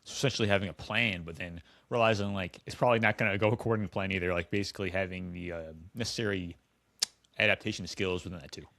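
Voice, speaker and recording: A man's voice: low voice, steady tone, fast, a bit bright, no room sound. A man hosting a podcast interview, speaking casually and hesitantly with many fillers. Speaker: podcast host.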